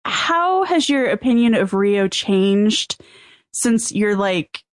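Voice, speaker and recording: A woman's voice: medium pitch, lively intonation, slow, dry recording. A woman co-hosting a podcast, talking casually with many fillers and asking questions. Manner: chatty, filler-heavy, laughing often. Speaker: podcast co-host. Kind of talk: casual chat.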